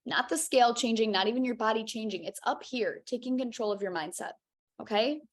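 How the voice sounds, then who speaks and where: A woman's voice: a little high, brisk. An upbeat young woman talks straight to the camera as she leads a live online wellness class. She sounds casual and encouraging, and she keeps checking in with her viewers as she goes. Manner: energetic, encouraging, casual with frequent "okay?" check-ins. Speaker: health and weight loss coach.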